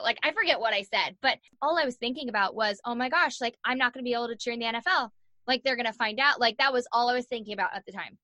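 A young woman tells a story in an animated, chatty way, full of "like" and acted-out quotes. Her voice is bright and fairly high. The recording is dry and close. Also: quick pace, no echo. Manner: animated, acts out quoted voices, many "like" fillers. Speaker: guest. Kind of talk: casual storytelling in an interview.

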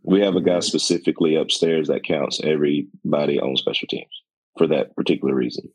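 A man co-hosting a casual sports chat, giving measured opinions with frequent "you know" fillers. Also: rumbling low, breathy edge, no room sound.

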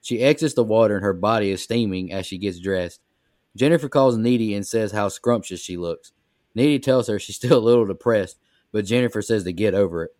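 A man co-hosting a podcast, recapping a movie plot in a steady, plain way. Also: lowish voice, fairly quick, no room sound, clean studio sound. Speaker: podcast co-host.

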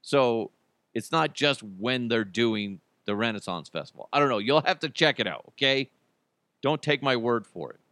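Brief: man, mid pitch, dry close mic, loose and jokey solo podcast host. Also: lively intonation, normal speed, bright, forceful tone, dry recording. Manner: rambling and joking, lots of fillers. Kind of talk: casual solo chat.

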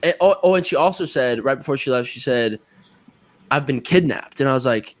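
A young man in his twenties, a guest musician on a podcast, telling an anecdote in a casual, animated way and acting out his own reactions. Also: mid-range voice, a little fast, dry recording. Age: 20s. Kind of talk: casual chat, storytelling.

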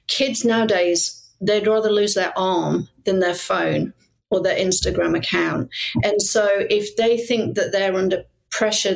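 A woman's voice: mid-range voice, gravelly, rough recording. A middle-aged British woman, a former detective, talking earnestly as a guest in a casual podcast interview and laughing easily. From Britain.

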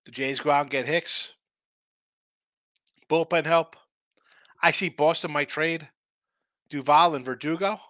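A man's voice: on the high side, measured pace, long pauses, pushed and bright, no echo. A man hosting a sports betting show, talking casually and rambling through opinionated takes full of rhetorical questions.

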